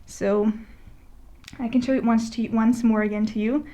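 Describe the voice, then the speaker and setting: A woman with a slightly high voice narrates a Spanish grammar lesson over a whiteboard. She talks casually, with fillers and restarts. She slows down when she says the example words. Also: fairly even intonation, warm tone. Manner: conversational, with many fillers and restarts, slowing to spell out example words. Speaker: Spanish teacher. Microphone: voice-over recording.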